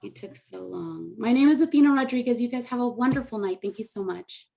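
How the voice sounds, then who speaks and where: A woman working through a stand-up set in a slightly high voice. Her delivery rambles, with self-deprecating, deadpan asides. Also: fairly quick, gravelly. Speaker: stand-up comedian. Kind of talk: stand-up set on a video call.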